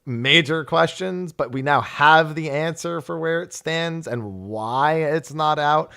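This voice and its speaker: A man hosting a casual discussion show, animated and laughing often. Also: a little high, takes it slowly, vocal fry, clean tone. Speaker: podcast host. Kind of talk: casual chat.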